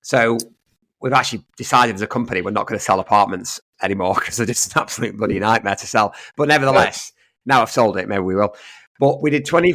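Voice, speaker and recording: A man at an ordinary mid pitch, chatting on a podcast about his work as an estate agent. He tells his stories in a lively way and acts out what each person said. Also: no room sound. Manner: storytelling, acting out both sides of conversations. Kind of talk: casual podcast chat.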